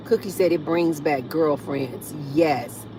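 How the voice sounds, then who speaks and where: A woman livestreams casually from her parked car, chatting and reading viewer comments aloud with frequent laughter. Her voice is low-pitched and slow, set against a noisy background.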